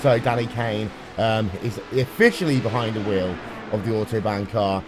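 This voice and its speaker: A man calling a sim race live, brisk and playful, with dry jokes. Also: on the low side, background noise. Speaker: sim racing commentator. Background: music playing underneath.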